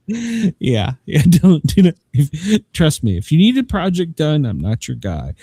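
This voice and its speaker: A man's voice: a little high, wildly swooping pitch, takes it slowly, long pauses, warm tone, breathy edge, dry recording. A male podcast host talks in a loose, rambling way and keeps breaking into laughter at his own stories. His voice swings widely up and down as he tells them. The sound is dry and close, with no room around it. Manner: joking, rambling, laughs often. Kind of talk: casual chat.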